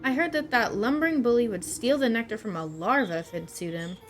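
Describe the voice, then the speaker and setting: A woman's voice: fairly high pitch, fairly quick, soft background music, natural voice. A woman doing a timid, stammering beekeeper man. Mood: fawning. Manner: nervous, stammering, fawning. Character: timid lovesick male beekeeper, eager to please.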